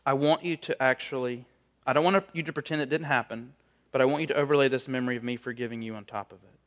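A man's voice: mid-range voice, fairly even intonation, quick pace. A man preaching a sermon in a conversational, storytelling way, with frequent casual fillers.

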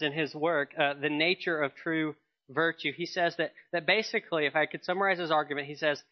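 A man's voice: a little high, dull audio. A man preaching a sermon in an earnest way, often repeating and restarting phrases. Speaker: pastor.

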